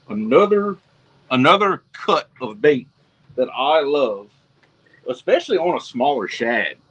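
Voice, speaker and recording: A man with a Louisiana Southern accent hosts a casual livestream, walking viewers through each step in a folksy, easygoing way. His voice has a bright, forceful edge at a middle pitch. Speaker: fishing show host.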